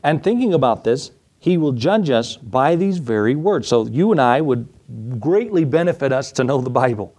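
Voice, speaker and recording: A man's voice: expressive, moderate pace, a little mellow. Emphatic preacher man teaching scripture. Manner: teaching, poses questions to the listeners, reads scripture aloud; emphatic exhortation, pitch jumps up on key points. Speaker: preacher teaching a Bible study. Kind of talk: sermon.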